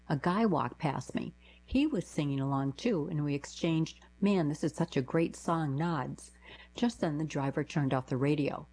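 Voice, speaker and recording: Woman w a low voice reading little diary stories, calm and even. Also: slightly rough, low-quality recording. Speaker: narrator reading diary letters. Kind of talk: scripted narration.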